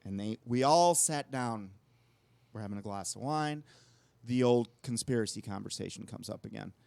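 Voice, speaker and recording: A man's voice: lowish voice, animated, moderate pace, gravelly, darkish tone, no echo. A man co-hosting a talk show, telling long rambling anecdotes in casual conversation. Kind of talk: casual storytelling chat.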